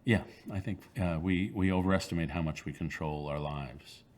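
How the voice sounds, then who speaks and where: A man in his sixties with an extremely low, rumbling voice speaks in an interview. He answers thoughtfully, pausing and restarting his sentences as he works through his ideas. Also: a little mellow. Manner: thoughtful, halting, with frequent fillers and restarts. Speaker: author being interviewed.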